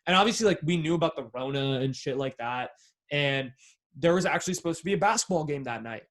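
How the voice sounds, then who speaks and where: A young man hosts a podcast and tells a story in a loose, slang-heavy way, cursing freely. He acts out what each person said. His voice sits a little high for a man. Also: quick pace. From San Francisco Bay Area. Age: young adult. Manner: animated, slangy, swears freely, acts out quoted dialogue. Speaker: podcast host. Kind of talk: casual storytelling chat.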